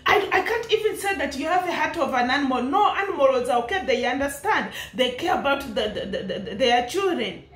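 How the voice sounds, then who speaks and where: A woman's voice: high-pitched, animated, fairly quick, few pauses, fairly bright tone, echoey room. A young woman with an East African accent, laughing often as she delivers an impassioned, preachy commentary. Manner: scolding, preachy, laughs often between lines. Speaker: vlogger commenting on a public dispute.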